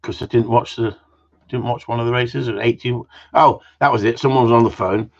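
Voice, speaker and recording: A man's voice: medium pitch, steady tone, fairly quick. A man hosting a casual live Q and A, rambling and jokey, swearing freely and tagging questions onto his remarks. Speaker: host of a live Q and A. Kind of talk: casual live-stream chat. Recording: muffled lo-fi audio.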